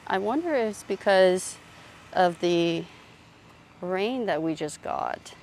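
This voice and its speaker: Woman strolling her garden on a phone cam, talks slow and easy, lowish voice. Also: expressive, darkish tone, a little hiss or hum. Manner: slow, chatty, thinking aloud with fillers. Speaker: gardening vlogger. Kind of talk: casual garden tour narration. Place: outdoor garden.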